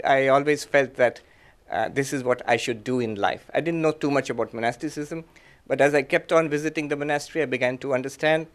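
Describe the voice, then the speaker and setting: A middle-aged man, a monk, giving a talk that mixes teaching with personal stories, in short phrases with frequent pauses and soft chuckles. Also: on the high side. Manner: gentle, reflective, chuckles softly at his own anecdotes. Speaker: monk and guest speaker. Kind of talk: lecture with personal storytelling.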